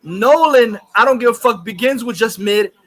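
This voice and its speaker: A man's voice: very high-pitched, normal speed, a bit bright. A man hosting a livestream, ranting angrily and profanely and reading chat comments aloud. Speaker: livestream host. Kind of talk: angry livestream rant.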